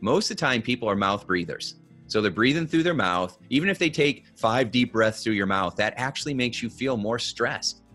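A man's voice: medium pitch, expressive, normal speed, fairly bright tone, soft background music. A man giving practical advice in a conversational podcast, coaching the listener and checking in with "okay?" and "right?" as he goes. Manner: coaching, instructive, asks "okay?" and "right?" often. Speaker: guest expert on body language.

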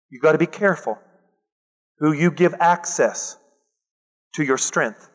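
A man preaching a lively sermon, acting out the people he quotes and breaking into loud bursts. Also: a little high, a little slow. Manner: animated, acts out quoted voices, loud bursts. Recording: long hall reverb.

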